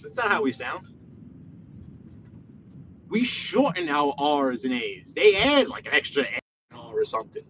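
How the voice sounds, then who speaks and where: Animated New York man chatting from his car. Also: mid-range voice, normal speed, highs cut off, a little hiss or hum. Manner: chatty, reads chat aloud, animated outbursts. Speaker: live-streaming driver. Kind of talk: casual live-stream chat while driving. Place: inside a car.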